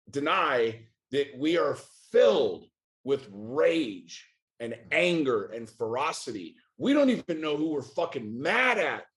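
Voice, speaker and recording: A middle-aged man from the United States, a podcast guest speaking candidly and intensely, swearing often and firing off rhetorical questions. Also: mid-range voice. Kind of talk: candid interview talk.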